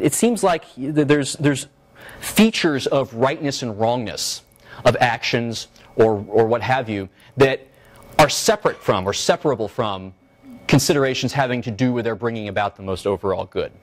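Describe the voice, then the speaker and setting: A male philosophy lecturer talking to a seminar room in an easy, conversational way. His pitch stays in the middle of a man's range, and his delivery jumps up and down as he tells stories. He stumbles through restarts and keeps checking in with the audience. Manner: animated, joking, lots of fillers and restarts, checks in with "right?".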